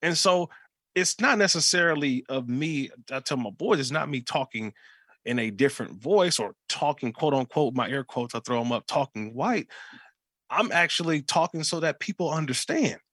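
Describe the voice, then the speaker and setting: A man's voice: on the high side, animated, moderate pace, a bit bright, no echo. A man who works as a sports broadcaster, talking casually and reflectively, telling stories from his own experience. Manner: reflective, storytelling. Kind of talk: casual conversation.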